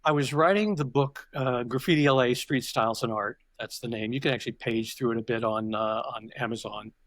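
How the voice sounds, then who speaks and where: Slightly fast and a bit bright, his medium-pitched voice is recorded with no room sound. He is an older podcast guest telling stories conversationally, reflective and prone to digressing, and he often restarts his sentences.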